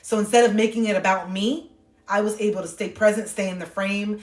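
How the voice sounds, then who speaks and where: Earnest woman host talking candidly into a phone, mid pitch, echoey room. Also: steady tone, brisk. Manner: earnest, heartfelt, swears casually. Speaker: livestream host. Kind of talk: candid livestream monologue.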